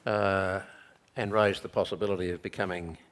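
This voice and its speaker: A deep-voiced man runs an on-stage interview. He asks measured, probing questions and often pauses on fillers while he frames them. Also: little pitch movement, a bit bright. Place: stage at a talk venue.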